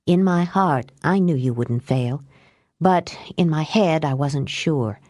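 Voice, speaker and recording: Woman reading as a calm wise witch, quiet and measured, low voice, slow. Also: dry recording, studio quality.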